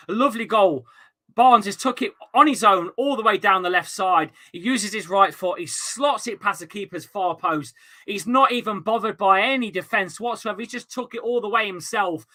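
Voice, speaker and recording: A young man commentates live on a football match for his stream, grumbling one moment and shouting the next. His voice has a bright, sharp edge and sits a touch high for a man. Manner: excitable, swearing, swings from grumbling to shouting.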